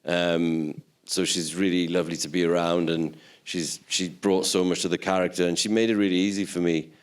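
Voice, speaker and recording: A man telling casual anecdotes as a guest in a press Q&A, easygoing and quick to laugh. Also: low-pitched, little pitch movement, clear, resonant tone. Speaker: actor guest.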